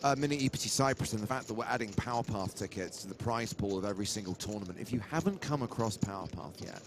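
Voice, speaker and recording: A man's voice: fairly low pitch, animated, fast, background noise. A man commentating a live poker stream, calling the cards and reading promotions. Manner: calls cards crisply and reads promotions smoothly.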